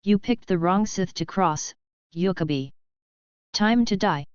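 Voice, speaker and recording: A woman voices a cold Sith lord who speaks with icy calm. The voice is lowish and very clear, with a dull, dry sound. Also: a little slow, dry recording, close to an everyday voice.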